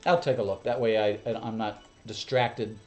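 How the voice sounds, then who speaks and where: A man's voice: on the low side, fairly even intonation, moderate pace, darkish tone, faint music behind. An American man chatting casually as he watches drone footage with his viewers, rambling through asides and chuckles. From United States. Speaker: channel host. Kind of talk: casual reaction commentary.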